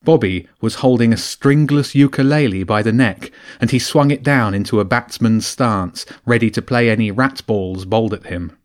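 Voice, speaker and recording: A man narrating a children's adventure audiobook with a lively, expressive reading. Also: mid-range voice, moderate pace, hardly any pauses. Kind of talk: storybook narration.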